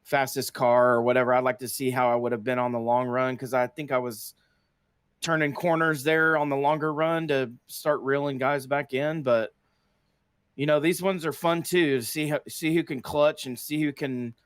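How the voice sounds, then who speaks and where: Man, mid pitch, smooth clear voice, laid-back answers full of fillers, post-race interview. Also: steady tone, moderate pace, dry recording, studio quality. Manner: easygoing, filler-heavy answers. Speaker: race winner being interviewed.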